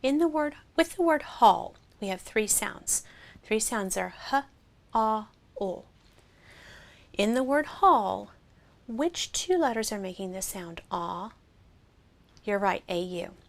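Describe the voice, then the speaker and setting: A woman teaching a phonics lesson, sounding out vowels slowly and clearly and praising the listener. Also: mid-range voice, very animated. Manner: slow, clear, encouraging, sounds out each vowel.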